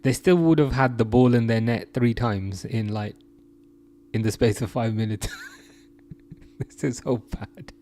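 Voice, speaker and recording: A man's voice: mid-range voice, measured pace, pauses often, warm tone, slight background noise. Chatty man hosting a football livestream. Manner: chatty, reads viewer comments aloud, laughs often. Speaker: livestream host reading chat. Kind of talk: casual football chat.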